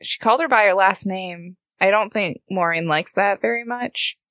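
A woman's voice: medium pitch, moderate pace, a bit bright, dry recording. A woman playing a tabletop game, talking in a playful, blunt way with frequent laughs. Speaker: player. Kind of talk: casual tabletop play.

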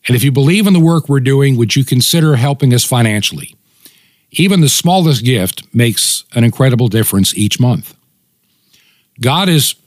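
A man hosting a radio ministry, speaking earnestly in a weak, tired voice and slowing down to spell out details for listeners. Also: mid-range voice, no echo.

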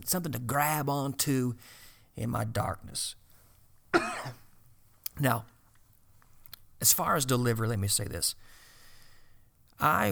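A man preaching to fellow preachers, earnest and exhorting, often pausing on filler sounds. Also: mid-range voice, creaky, a bit bright.

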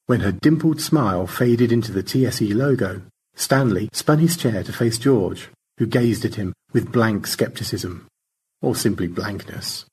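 Male narrator, audiobook short story, measured, husky, lively pitch.

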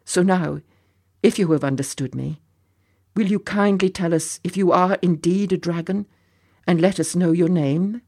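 A man's voice: sits high, moderate pace, darkish tone. A man reading a courteous, formal rescuer. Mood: earnest, formal. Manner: formal, careful, polite speech.

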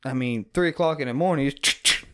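A man telling a story on a podcast in casual, profane chat, animated and laughing as he goes. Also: medium pitch, a little fast, slight background noise. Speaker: podcast co-host.

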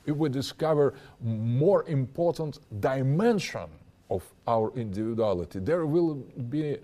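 A man in an interview, speaking in a mellow, warm tone that rises and falls widely as he builds his argument step by step. He halts often to search for words and restarts phrases, with a lecturing manner. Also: mid-range voice, animated, a little slow. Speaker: interview guest. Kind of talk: interview, extended explanation.

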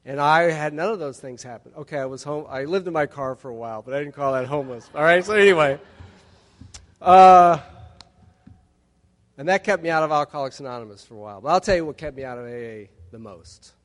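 A man's voice: fairly high pitch, brisk. Wry storytelling man in a big hall. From Texas. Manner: wry storytelling with humorous asides. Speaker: recovery meeting speaker. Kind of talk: personal testimony talk. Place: large hall at a conference. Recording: long hall reverb.

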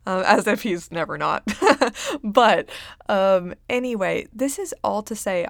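Earnest young woman with a gravelly edge. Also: medium pitch, dry recording, clean studio sound. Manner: earnest, many ums, laughs softly between thoughts. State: getting choked up. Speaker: podcast host and career coach. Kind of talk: casual heartfelt monologue.

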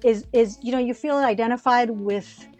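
A woman's voice: on the high side, normal speed, soft background music. A woman telling a personal story in a casual, rambling conversation on a podcast. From United States. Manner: animated, rambling with many restarts. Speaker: podcast co-host.

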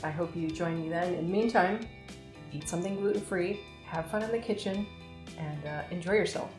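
Middle-aged female podcast host, chatty and self-mocking, low voice, faint music underneath. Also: a little fast, roomy sound. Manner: chatty and self-deprecating, talking between bites. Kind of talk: casual chat. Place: home kitchen.

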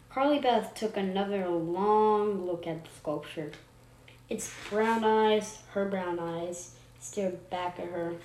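A woman's voice: medium pitch, slow, a little mellow. A woman reading a horror story aloud, unpolished, stopping to correct herself. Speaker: story reader. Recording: roomy echo, faint noise.

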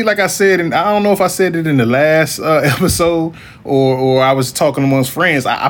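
A man hosting a casual podcast chat, talking bluntly and profanely in a rambling way, with restarts and laughs. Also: on the high side. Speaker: podcast host.

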